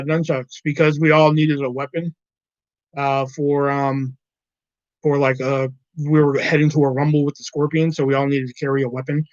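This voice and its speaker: A man hosts a casual livestream chat, swearing heavily and ranting while mimicking his coworkers. His voice is fairly high, and the recording is dry and dull lo-fi with no room sound.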